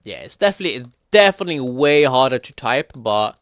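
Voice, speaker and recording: A young man livestreaming, chatting casually and reacting to chat in a slangy, animated way. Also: medium pitch, quick pace, no room sound.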